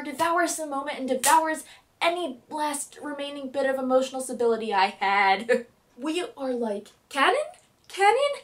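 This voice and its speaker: Young female fan vlogger, dramatic and gushing, high voice, a little distant from the mic. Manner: gushing, breathless and dramatic, with laughs and swings in loudness. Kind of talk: excited TV episode recap.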